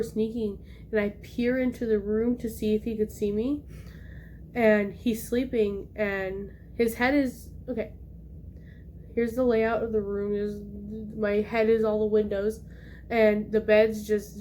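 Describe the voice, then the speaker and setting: Pitched on the high side, this young vlogger shares something that happened to her in an easygoing, animated way, performing the voices of those she quotes. A faint hiss or hum runs under the recording.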